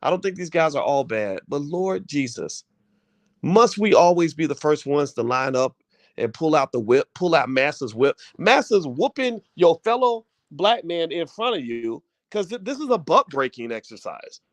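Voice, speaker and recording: A man's voice: fairly high pitch, big pitch swings, normal speed, no echo. A man hosting his own channel, giving a passionate opinion rant that is full of repeats and rhetorical questions to the viewers. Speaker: channel host.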